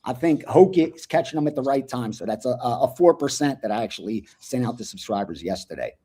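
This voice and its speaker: A man giving sports betting picks in casual talk, blunt and animated, swearing freely. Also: medium pitch, fast, breathy edge.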